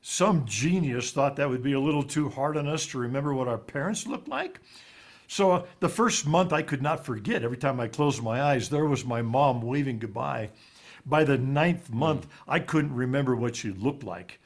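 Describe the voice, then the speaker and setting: A man, an author being interviewed, telling a personal story in a halting way, often repeating words, his voice dropping low and quiet on the painful parts. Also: lively intonation. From raised in Ivory Coast.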